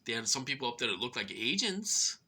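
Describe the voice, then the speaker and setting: A man's voice: medium pitch, sing-song, brisk, sharp tone, slightly rough. A middle-aged man from Minnesota rambling through an aggrieved personal monologue, full of fillers and restarts, sounding short of breath. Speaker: vlogger.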